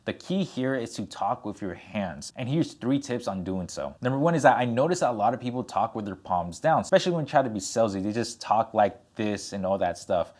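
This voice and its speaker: A young man speaks straight to the camera as a coach, his voice sitting a little low. He stays energetic throughout, punching key words and moving his hands as he talks. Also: fairly quick, few pauses. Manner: energetic, gestures with hands while talking; animated, plays with his tone for emphasis. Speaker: content coach. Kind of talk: direct-to-camera tutorial.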